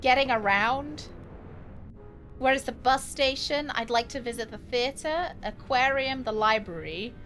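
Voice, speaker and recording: A woman's voice: sits high, a little slow, fairly bright tone. Playful, crude woman streaming a game. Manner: playful, crude, giggly, jokey. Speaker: streamer playing a video game. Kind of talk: casual live-stream commentary. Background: game music.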